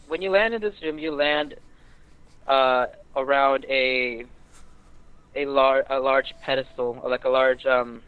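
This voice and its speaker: A man's voice: medium pitch, clear, resonant tone. Hesitant young male game master. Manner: hesitant, many fillers. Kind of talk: narrating a tabletop game. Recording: tinny phone-like line.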